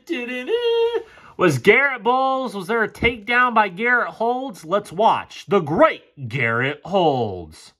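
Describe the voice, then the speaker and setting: A man's voice: a little high, sharp tone. A man casually breaking down football game film, frustrated and sarcastic and swearing often. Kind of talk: casual play-by-play film commentary.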